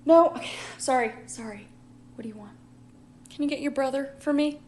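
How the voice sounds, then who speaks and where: A woman's voice: high voice, normal speed, a little mellow, roomy sound, slight background noise. A woman in a comedy skit playing an exasperated family argument, bickering back and forth.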